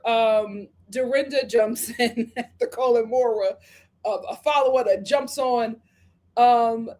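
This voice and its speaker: A woman's voice: fairly high pitch, a little mellow. A woman hosting a live review of a reality show, talking casually and acting out the cast members' lines as she recaps.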